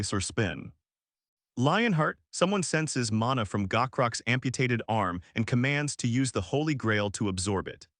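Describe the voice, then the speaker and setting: Male narrator, dramatic scripted read with rhetorical questions, mid pitch, dry booth sound. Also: fairly bright tone, no echo. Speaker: recap narrator.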